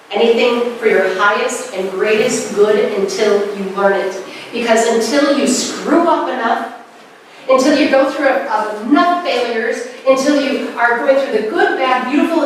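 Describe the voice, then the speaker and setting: Brief: woman in her 40s, higher pitch, spiritual speaker, animated storytelling, recorded in an echoey room far from the mic. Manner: animated storytelling with acted quotes. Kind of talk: conversational talk. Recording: echoey room, distant mic, faint noise.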